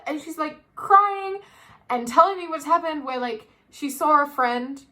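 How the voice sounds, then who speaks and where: High bright woman podcaster, casual chat, lots of pitch jumps. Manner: animated storyteller, quick jumps in pitch. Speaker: podcast co-host.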